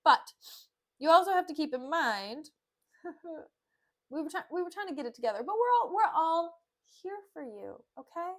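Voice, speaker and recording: A woman's voice: very high voice, expressive, moderate pace, long pauses, pitched above the performer's own voice. A woman voicing a flustered male servant who rambles through excuses to his master.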